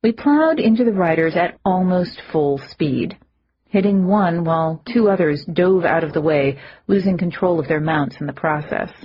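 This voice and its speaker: A woman's voice: moderate pace, breathy edge. Woman reading an urban fantasy audiobook. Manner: lively first-person reading, pitching up for shouted lines. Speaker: audiobook narrator. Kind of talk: audiobook narration with character voices. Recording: muffled lo-fi audio.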